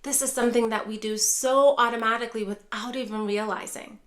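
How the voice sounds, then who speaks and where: A woman's voice: a little high, fairly even intonation, a little fast. A woman neuropsychologist teaching dementia caregivers in a direct-to-camera lesson, repeatedly addressing viewers as care partners.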